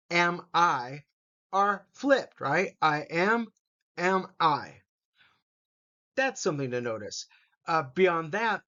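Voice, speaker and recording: A man teaching an English grammar lesson, reading example sentences slowly and deliberately so learners can repeat after him. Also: a little high, fairly bright tone, muffled recording.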